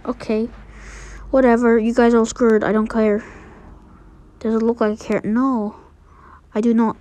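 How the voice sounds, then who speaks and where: A young woman giving casual, excitable gameplay commentary, trash-talking and trailing off into mutters. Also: fairly high pitch, moderate pace, pauses often, dry recording. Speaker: game streamer.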